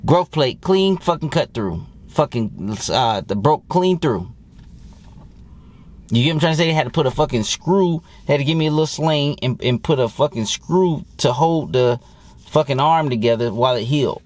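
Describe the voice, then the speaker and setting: A man's voice: medium pitch, normal speed. A man working as a dating coach, talking in a blunt, heavily profane, rambling monologue to his viewers. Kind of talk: casual profane monologue to camera.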